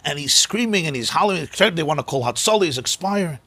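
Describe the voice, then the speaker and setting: Animated, high-voiced man teaching a class. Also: fast, slightly rough, dry recording. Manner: animated and emphatic, repeats words, mixes in Hebrew and Yiddish terms. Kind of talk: lecture on mystical texts. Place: synagogue.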